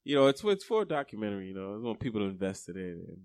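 A man's voice: lowish voice, very animated, rapid-fire, a little mellow, clear, resonant tone, no room sound, studio quality. A man chatting as a guest on a casual podcast, hesitant and full of fillers.

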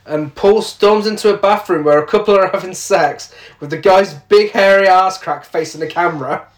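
A man's voice: high-pitched, moderate pace. Chuckling man recapping a film, roomy echo. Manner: laughs often while retelling plot. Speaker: podcast co-host. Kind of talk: casual film recap chat.

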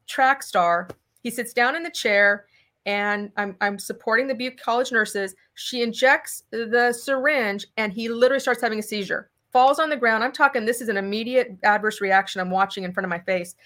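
A middle-aged woman from California, a guest in a conversational interview, telling a story animatedly and acting out the dialogue. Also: a little high. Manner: animated, acts out dialogue in quotes. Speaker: political candidate guest.

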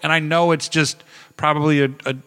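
A man co-hosting a casual podcast chat, telling animated, profane stories and acting out quotes. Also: fairly high pitch, fairly quick, clear, resonant tone. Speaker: podcast co-host.

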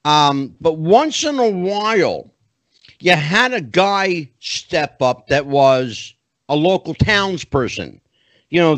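Lively chatty male podcast host. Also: a little high, dry recording. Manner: animated, chatty, leans on asides. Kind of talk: casual interview chat.

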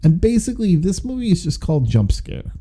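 A man's voice: high-pitched, very animated, a little fast, mellow, husky. A man co-hosting a podcast, talking through a movie review in a rambling, conversational way. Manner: rambling, conversational, many restarts. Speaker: podcast co-host. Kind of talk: casual movie review chat.

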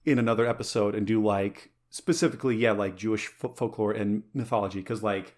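On the low side and brisk, a podcast host's voice carries an easygoing chat. He rambles enthusiastically, with many fillers and false starts.

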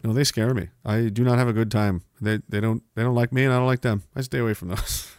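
A man's voice: lowish voice, fairly even intonation, fast, a little mellow, dry recording, studio quality. A man in his forties hosting a livestream, reading viewer comments aloud with profane, sarcastic banter and frequent laughter.

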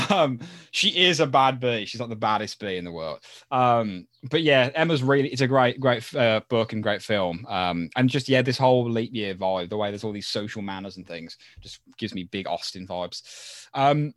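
A man's voice: on the low side, animated, no room sound, studio quality. A man co-hosting a podcast, chatting casually and reading out listener mail with lots of fillers. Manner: chatty, many fillers, quick laughs. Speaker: podcast co-host.

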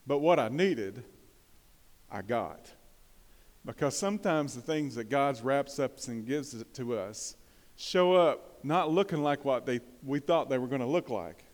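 A man preaching a conversational sermon, putting questions to the congregation and pressing points with bursts of emphasis. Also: mid-range voice. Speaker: pastor. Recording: long hall reverb.

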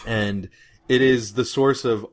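A man's voice: medium pitch, fairly even intonation, slow. A man co-hosting a podcast, explaining figures in a casual discussion with many "um"s and restarts. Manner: informative, hesitant with many "um"s. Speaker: podcast co-host.

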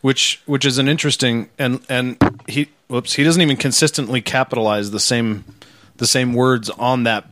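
A man's voice: medium pitch, steady tone, normal speed, fairly bright tone. A man co-hosting a casual podcast, blunt and profane, with a joking edge. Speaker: podcast co-host. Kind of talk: casual chat.

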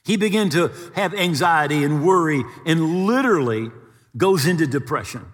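A male pastor preaches with a lively, swooping delivery and a slightly husky tone. He retells a story with relish, lightly voicing its characters. His voice rings out in a large hall with a long reverb. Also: a little high, normal speed. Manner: animated storytelling preacher, acting out voices and jokes. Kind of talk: sermon.

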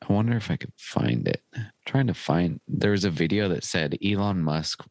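Male podcast co-host, deep gravelly voice, dry sound, laid-back replies. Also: sing-song, moderate pace, a little mellow, no echo. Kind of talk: casual chat.

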